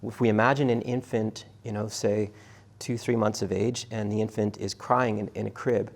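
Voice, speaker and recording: A middle-aged man with a low, gravelly voice gives a university lecture. He talks in a halting, conversational way, full of restarts and fillers, and often turns to ask his students questions. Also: little pitch movement.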